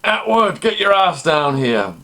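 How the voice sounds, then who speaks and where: A man voicing a big, gruff redneck prison guard who yells coarse, blunt orders. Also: medium pitch, quick pace, voice pushed up, natural voice. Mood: yelling.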